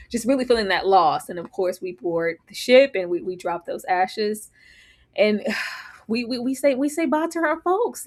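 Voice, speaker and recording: A woman's voice: medium pitch, a little fast. A woman co-hosts a casual live recap conversation, talking expressively and with emphasis. She laughs often and leans into her reactions. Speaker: co-host.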